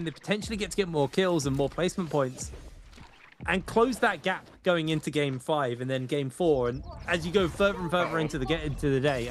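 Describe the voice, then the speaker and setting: A man casting a live esports match, energetic and rambling, often correcting himself mid-sentence. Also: a little high, a little hiss or hum. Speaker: esports caster. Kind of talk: live esports play-by-play commentary.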